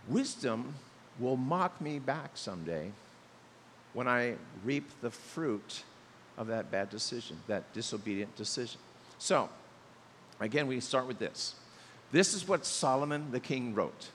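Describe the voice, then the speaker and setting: A middle-aged male pastor preaching a sermon in a lively way, acting out the voices he quotes. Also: medium pitch, measured pace, big-room sound, a little hiss or hum.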